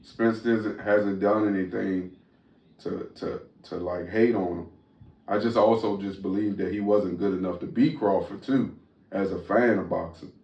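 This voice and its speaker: A man's voice: deep voice, fairly even intonation, unhurried, a little mellow. A man hosting a podcast in loose casual chat, talking with frequent fillers and restarts. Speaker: podcast host. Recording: roomy, distant, dull sound.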